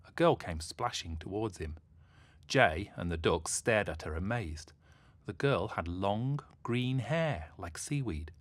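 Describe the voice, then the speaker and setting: A man narrates a children's storybook in a low, expressive voice. His pitch swings widely to animate the tale. The recording is dry and close. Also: takes it slowly, no room sound.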